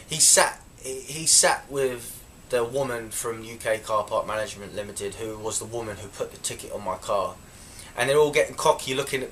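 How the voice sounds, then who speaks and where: A young man recounts events straight to camera in a chatty, indignant tone. His voice sits at a middle pitch, and a little background noise can be heard under it. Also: sharp tone. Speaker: vlogger. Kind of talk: casual storytelling to camera.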